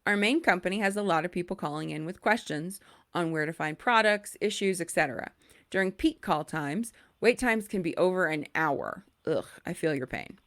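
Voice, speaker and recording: Woman podcast host with a lively voice that swings widely, blunt and quick to swear. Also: on the low side. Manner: animated and blunt, swears freely. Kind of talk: casual chat, reading listener stories aloud.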